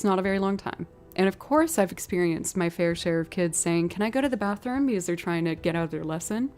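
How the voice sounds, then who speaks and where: A woman's voice: medium pitch, darkish tone. A young woman musician chatting casually on a live stream, telling stories and thanking viewers for donations. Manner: chatty storytelling, reads out donations.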